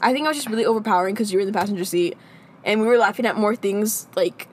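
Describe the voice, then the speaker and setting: A young woman co-hosting a podcast, casually telling lively stories and putting on playful voices. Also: mid-range voice, rapid-fire, a little hiss or hum. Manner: animated storytelling with playful impressions. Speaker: podcast co-host. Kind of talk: casual chat.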